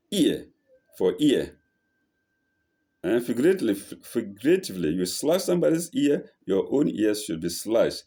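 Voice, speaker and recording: A man gives a verse-by-verse scripture lesson. He recites each line and then translates it slowly, correcting himself and asking "eh?" as he goes. His pitch leaps up and drops widely, and his tone is dark and relaxed. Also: vocal fry. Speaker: Quran teacher.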